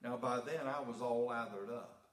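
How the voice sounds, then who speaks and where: Folksy preaching pastor in an echoey church. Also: male voice, mid-range voice, moderate pace, fairly bright tone. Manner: folksy storytelling, rising to preaching emphasis. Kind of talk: sermon. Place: church sanctuary.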